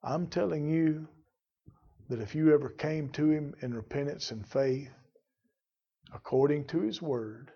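A man preaching a sermon, fervent, rising to loud emphatic bursts. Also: on the high side, unhurried, long pauses, slightly rough, lo-fi sound. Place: church.

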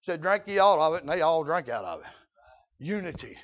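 An older man preaching a folksy sermon, often shouting out his points. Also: fairly high pitch, big pitch swings, brisk, dull audio.

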